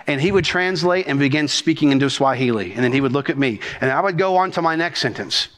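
Animated pastor preaching. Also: male voice, on the high side. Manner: rhythmic, animated preaching with talk of speaking fast. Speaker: senior pastor. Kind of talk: sermon.

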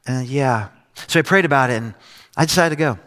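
A man's voice: medium pitch, a little fast, fairly bright tone, big-room sound. A middle-aged male pastor preaching a sermon, telling a personal story with acted quotes. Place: church stage.

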